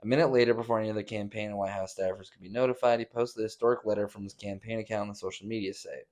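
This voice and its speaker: A man's voice: lowish voice, fairly even intonation, very fast, a little mellow. A young man, hosting a casual podcast, reading news aloud and breaking into profane, mocking rants with exaggerated voices. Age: young adult. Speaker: podcast host. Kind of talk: casual rant reacting to news.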